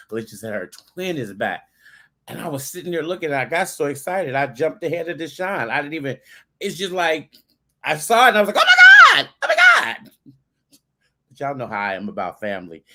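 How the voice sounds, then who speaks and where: A man co-hosting a casual talk show, excitable and quick to squeal or tear up. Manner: excitable, bursts into high squeals and near tears. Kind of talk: casual chat.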